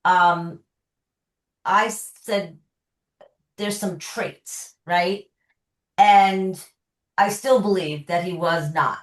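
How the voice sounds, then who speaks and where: A woman's voice: lowish voice, steady tone, very slow, long pauses. Woman therapist in an echoey room. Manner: explains with everyday examples. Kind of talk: conversational expert explanation.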